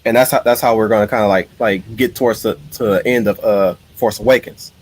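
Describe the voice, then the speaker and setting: A man's voice: on the low side, fairly even intonation, a little fast, slightly rough. A man hosting a casual live stream, telling his ideas in an eager, rambling way. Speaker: streamer host.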